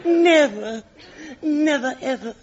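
A woman's voice: high-pitched, lively intonation, takes it slowly, background noise. A dewy-eyed swooning lady. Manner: breathy, swooning, melodramatic. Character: dewy-eyed romantic young English lady. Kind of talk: radio comedy sketch. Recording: lo-fi old radio recording with faint audience.

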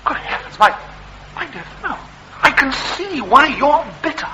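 A man's voice: very high-pitched, big pitch swings, normal speed, sharp tone, muffled recording, a little hiss or hum, full character voice. An actor playing a pompous, blustering upper-class male parliamentary candidate, in a comedy radio sketch. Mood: indignant.

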